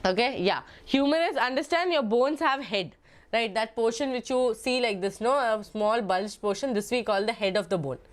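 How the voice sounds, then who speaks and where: A young woman with a Malayali accent teaches biology in a chatty, repetitive way. She keeps checking in with her students and has a slightly high voice. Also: normal speed. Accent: Malayali English. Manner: chatty, repeats herself, asks "okay?" and "no?". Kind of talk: online exam-prep lecture.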